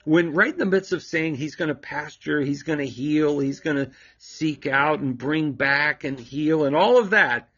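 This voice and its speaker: A man's voice: fairly high pitch, measured pace, fairly bright tone, slightly rough, dull audio. A man hosting a scripture reflection show, explaining Bible readings in an emphatic, preacherly way with rhetorical questions.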